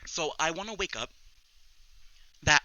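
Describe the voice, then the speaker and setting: A young man hosting a casual solo chat podcast, rambling excitably and often restarting his sentences. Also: a little high, unhurried, slight background noise, low-quality recording. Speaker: podcast host.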